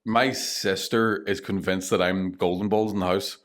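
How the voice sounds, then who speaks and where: A man's voice: low voice, fairly even intonation, moderate pace. A Northern Irish man in his thirties, a comedian telling family stories with lots of swearing and laughter in a casual podcast chat. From Northern Ireland. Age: 30s. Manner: swearing storyteller, mimics family in voices, laughs often. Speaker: comedian guest.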